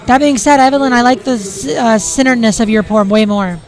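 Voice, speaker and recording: A woman's voice: on the high side, brisk, a little mellow. A woman doing live commentary on a competition, giving opinionated coaching-style critiques and teasing her co-host.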